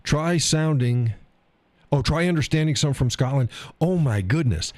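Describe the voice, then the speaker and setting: A man's voice: fairly high pitch, expressive, measured pace, a little mellow, dry recording. A man hosting a live stream, chatting casually about viewer comments, rambling, repeating himself and chuckling often.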